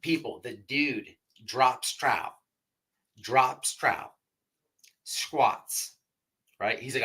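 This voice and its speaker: A man spins a long, rambling yarn to his livestream viewers, repeating himself and swearing freely. His voice is bright and forward at an average pitch. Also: big pitch swings, takes it slowly, pauses often, breathy edge, low-quality recording. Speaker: podcast host. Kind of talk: casual storytelling on a livestream.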